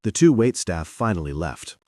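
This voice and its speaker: A man narrating a thriller audiobook in a measured storytelling manner. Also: low voice, big pitch swings, warm tone, no echo. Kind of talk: scripted narration. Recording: dry, distant-miked.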